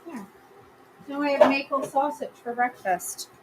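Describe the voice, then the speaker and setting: Chatty woman cooking live, voice a bit high. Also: measured pace, heavy background noise. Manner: chatty, answers viewers' comments by name while cooking; playful and self-mocking, easily delighted. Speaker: host of a live cooking stream. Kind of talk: casual live-stream cooking chat. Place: home kitchen.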